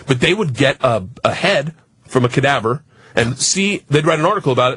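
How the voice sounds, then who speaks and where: Man in his forties, husky voice, excitable profane storytelling, guest comedian. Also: medium pitch, dry recording. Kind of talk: comic storytelling.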